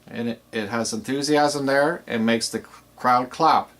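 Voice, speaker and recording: A man's voice: mid-range voice, unhurried, fairly bright tone. A man teaching aspiring DJs in a plain, explanatory way with some fillers. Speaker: DJ instructor. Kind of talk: instructional video talk.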